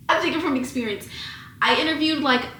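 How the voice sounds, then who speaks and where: A woman in her twenties, with a fairly high voice, talks straight to camera at home like a big sister giving a pep talk. She is candid and emotional and swears casually. The sound is echoey, with a faint hiss behind her. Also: moderate pace, sharp tone. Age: 20s. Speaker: vlogger. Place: at home, indoors.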